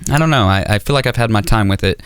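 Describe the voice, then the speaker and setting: A man doing a stand-up comedy set on stage, rambling and self-deprecating with dark humor. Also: lowish voice, fast talker, smooth, dry recording.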